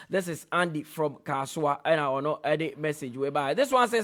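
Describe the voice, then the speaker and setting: A man with a Ghanaian accent hosts a sports radio show from the studio, reading listener messages on air. His voice sits a little on the high side. He raises it to read each message and lowers it to add his own remarks. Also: lively intonation, brisk, few pauses, fairly bright tone. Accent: Ghanaian English.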